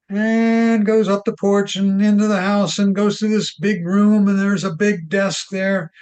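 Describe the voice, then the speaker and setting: A man teaching a relaxed technology class, with a fairly high voice. He chuckles often and slips into an easygoing, folksy storytelling manner. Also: clean tone. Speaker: class instructor. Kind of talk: casual class Q&A and joke-telling.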